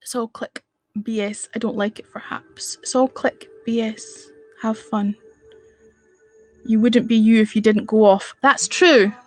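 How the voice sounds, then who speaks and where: A woman's voice: a little high, steady tone, unhurried, no echo, soft background music. A woman chatting with viewers on a livestream, blunt and full of swearing as she rants. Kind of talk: casual live-stream chat.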